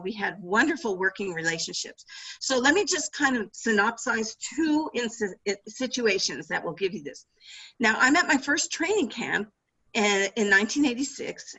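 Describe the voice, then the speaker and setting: A middle-aged woman, an author, telling animated anecdotes in an interview over a video call. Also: mid-range voice, husky, rough recording. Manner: animated anecdotes with laughter and restarts. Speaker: author and former sportswriter. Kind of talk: storytelling interview answers.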